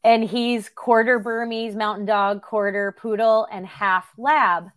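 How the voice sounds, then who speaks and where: A middle-aged woman hosting a podcast, telling a story in an animated, chatty way and laughing often. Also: on the high side, measured pace, clear, resonant tone. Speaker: podcast host. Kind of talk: casual conversation.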